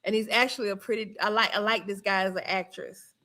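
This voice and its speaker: A woman's voice: mid-range voice, steady tone, quick pace, bright, forceful tone. A woman from Georgia with a Southern accent, hosting a casual livestream, chatty and laughing often as she answers viewer comments. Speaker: livestream host.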